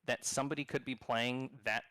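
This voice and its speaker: A man developing a game, calmly explaining his design choices in a loose, rambling way during a casual live stream. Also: medium pitch, fairly quick, no room sound, studio quality. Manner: thoughtful, explaining, rambling with restarts.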